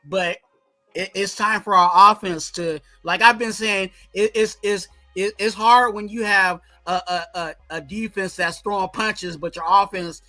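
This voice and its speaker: A man in casual sports talk, excited and repeating "you know what I'm saying" as he breaks down his team's offense. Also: high-pitched, a little slow, dry recording, faint music behind. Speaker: podcast co-host.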